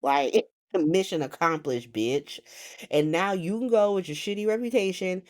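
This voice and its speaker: Recapping a soap opera, a woman with a fairly low voice speaks unhurriedly in a loose, lively, profane style, cursing frequently and laughing as she goes.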